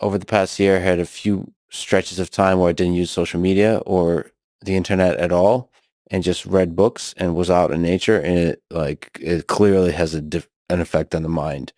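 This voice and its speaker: A man hosting a podcast conversation, reflective and halting, often restarting his sentences. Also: low-pitched, level tone, a little mellow, no echo, studio quality. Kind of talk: casual discussion.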